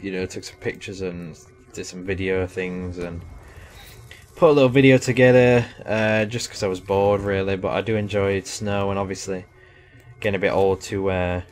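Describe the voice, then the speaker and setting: A man's voice: low voice, steady tone, moderate pace, soft background music. A young man giving casual, rambling live commentary over a shooter game, chatty and self-deprecating. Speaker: gaming commentator.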